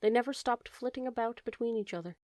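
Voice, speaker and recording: A woman reading an old fairy tale aloud in a gentle, measured way. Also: on the high side, no echo. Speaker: audiobook narrator. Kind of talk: storybook narration.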